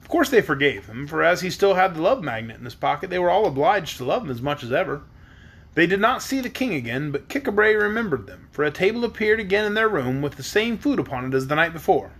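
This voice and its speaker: A man reads a children's storybook aloud at bedtime with a lively, expressive voice. His pitch is high and moves a lot. The tone is husky. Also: quick pace. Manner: expressive, voicing the characters. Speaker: reader.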